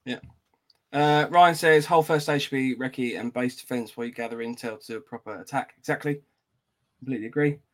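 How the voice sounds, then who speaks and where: A man's voice: medium pitch, a little fast. A British man co-hosting a casual podcast, reading out live chat comments and laughing often.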